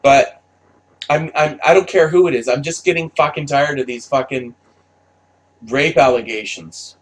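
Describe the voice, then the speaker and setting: A man's voice: mid-range voice, moderate pace. A man delivering a heated, profanity-filled opinion rant, stammering and repeating himself as he talks. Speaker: commentator.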